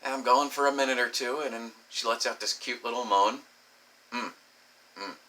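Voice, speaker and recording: A man's voice: mid-range voice, fairly even intonation, fast, sharp tone, low-quality recording. A man telling a crude personal story as a rambling, profane vlog monologue, laughing often and saying "you know" a lot. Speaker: vlogger.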